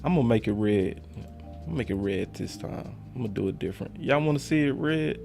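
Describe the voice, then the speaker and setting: A man hosting a sports talk livestream, swinging from loud theatrical hype to quiet muttered asides while reading chats. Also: mid-range voice, animated, a little fast, vocal fry, faint music behind. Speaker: sports show host.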